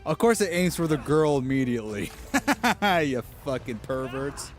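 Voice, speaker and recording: A male streamer chatting casually over his gameplay, crude and joking, with rambling asides. His voice sits at an ordinary middle pitch, and faint game music plays underneath. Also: expressive, moderate pace.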